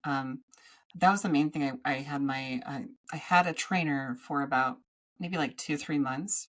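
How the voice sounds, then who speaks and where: A woman co-hosting a podcast in casual chat, talking in a rambling, halting way with many restarts. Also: rumbling low, a bit bright. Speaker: podcast co-host.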